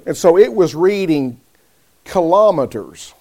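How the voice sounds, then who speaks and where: A man preaching a sermon, speaking deliberately and calling on listeners by name. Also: on the high side, animated, warm tone.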